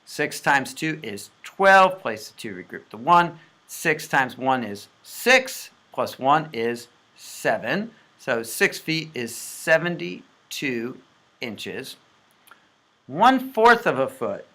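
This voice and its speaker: A man's voice: medium pitch, very animated, slow, bright, forceful tone. A man walking through math homework problems step by step, joking as he goes. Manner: jokey, talks through math steps aloud. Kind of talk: playful homework walkthrough.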